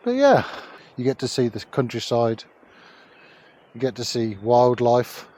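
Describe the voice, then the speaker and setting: A man's voice: mid-range voice, big pitch swings, measured pace, darkish tone. A man vlogging casually outdoors on a cycling trip, chatty and jokey, swearing freely, recorded on a handheld camera. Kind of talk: casual travel vlog.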